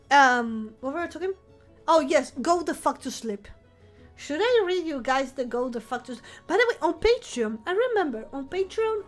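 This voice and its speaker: A woman streamer chatting casually with her viewers in a soft, playful voice while recovering from the flu. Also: high-pitched. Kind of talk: casual live-stream chat.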